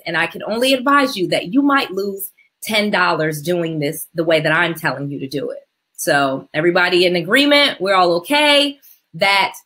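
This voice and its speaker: A woman's voice: mid-range voice, pushed and bright. A middle-aged woman teaching real estate investing on a live call, emphatic and repetitive, checking in with her listeners. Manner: emphatic, repeats key steps, checks in with "okay?".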